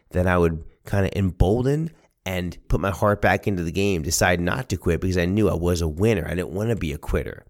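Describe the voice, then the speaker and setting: A man earnestly telling a personal family memory, acting out the voices of relatives. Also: sits low. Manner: earnest, animated, acts out voices. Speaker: storyteller. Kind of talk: personal storytelling podcast.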